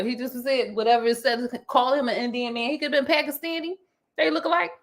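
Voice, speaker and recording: A woman's voice: sits high, fairly even intonation, fast. A woman with a Philadelphia accent co-hosting a casual podcast chat, playful and prone to giggling and crude jokes. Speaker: podcast co-host.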